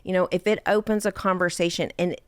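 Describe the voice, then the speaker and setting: A woman with a smooth, rather low voice tells a personal story in conversation. She talks candidly and chattily, full of "like" and "um", and laughs lightly through the sad parts. The sound is close and dry. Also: fairly even intonation, fast talker, no room sound. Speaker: widow sharing her story.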